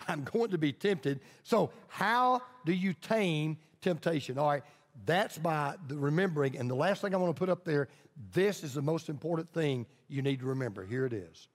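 A man pastor preaching a sermon emphatically, repeating lines for stress and leading his congregation in call-and-response. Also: high voice. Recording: long reverb of a large hall.

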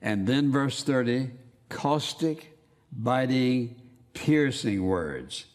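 A man preaching a sermon, reading scripture aloud and stressing key words with slow emphasis. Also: medium pitch, animated. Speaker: pastor. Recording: long hall reverb.

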